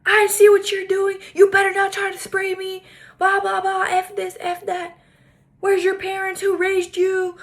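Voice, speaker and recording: A woman doing a furious grown woman in a shrill, high-pitched shriek. She scolds and rants without pause. She sounds loud and indignant. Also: monotone. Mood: furious scolding.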